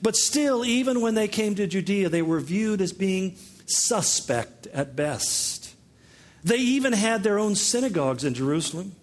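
A pastor preaching a conversational sermon, teaching with joking asides. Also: male voice, sits high, expressive, measured pace.

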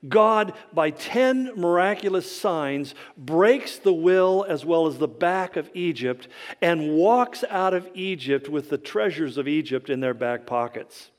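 Animated high-voiced preacher in a reverberant hall. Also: male voice, unhurried. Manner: animated storytelling with humor and dramatic quoted voices. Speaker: pastor. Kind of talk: sermon.

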